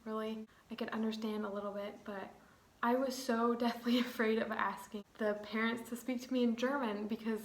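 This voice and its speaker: A woman's voice: fairly high pitch, little pitch movement, moderate pace. Chatty young woman, echoey. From United States. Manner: chatty, rambling, many "like"s. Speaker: vlogger. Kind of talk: casual chat.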